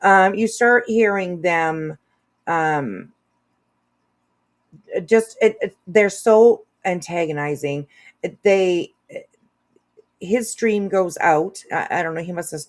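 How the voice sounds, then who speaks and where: A woman's voice: on the low side, lively intonation, slow. A woman hosting a casual commentary video, rambling with lots of fillers and restarts. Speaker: commentary channel host.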